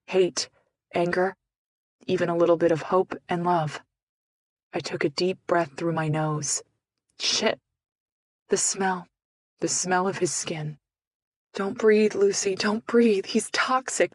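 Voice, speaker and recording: Low-pitched woman narrator for a romance audiobook, intimate and emotional, dry close sound. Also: dry recording.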